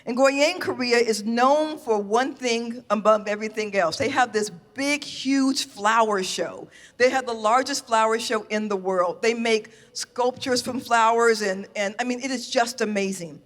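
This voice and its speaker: A woman from the United States telling a true story live on stage, animated, laughing and acting out her own reactions. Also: a little high, measured pace, hardly any pauses, in a large hall. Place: stage in a venue.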